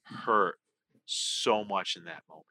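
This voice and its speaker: A young man co-hosting a podcast, chatting casually and openly, animated and emotional. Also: low-pitched, takes it slowly. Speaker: podcast co-host.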